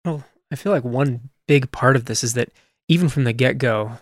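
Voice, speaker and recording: A man's voice: mid-range voice, moderate pace, no echo, clean studio sound. A man speaking as a podcast guest, reflecting on his background. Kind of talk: casual interview talk.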